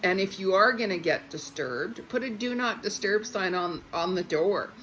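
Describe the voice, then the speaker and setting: A woman's voice: mid-range voice, lively intonation, moderate pace, a bit bright, rough recording. A woman in a casual spiritual talk to her viewers, chatty and repetitive, often saying okay. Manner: chatty, repeats herself, says okay often. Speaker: psychic reader.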